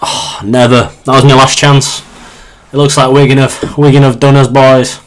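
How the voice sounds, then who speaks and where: A man's voice: mid-range voice, level tone, normal speed. Chatty young Yorkshire man streaming. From Yorkshire, England. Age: 20s. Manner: chatty, reads out viewer questions, frequent restarts and fillers. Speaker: live streamer. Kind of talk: casual live-stream chat while gaming.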